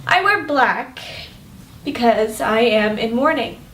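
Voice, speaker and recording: A woman's voice: on the high side, slight background noise. A woman playing a wry young mourner. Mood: wry, grave. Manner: measured, wry, darkly deadpan storytelling. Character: young woman mourning her odd parents. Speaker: acting student. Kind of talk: dramatic monologue. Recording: roomy echo from far off.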